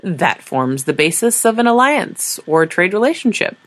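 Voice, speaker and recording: A woman's voice: on the low side, big pitch swings, moderate pace, dry recording. A woman voicing a weary, exasperated diplomat who speaks in a dry, sardonic way.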